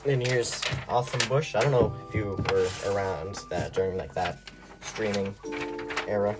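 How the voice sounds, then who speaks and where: A man's voice: on the low side, a little slow. A young man chatting casually on a livestream while he draws, rambling and laughing at himself. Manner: rambling, giggly, self-deprecating. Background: background music.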